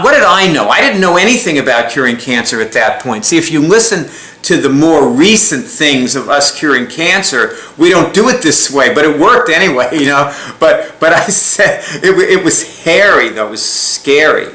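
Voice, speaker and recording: A man tells a story in a casual, rambling way, with a bright, forceful tone. He chuckles often and restarts his sentences as he goes. The sound rings in a roomy, echoey space. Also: on the high side, lively intonation, normal speed. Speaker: speaker recounting a client story. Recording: echoey room.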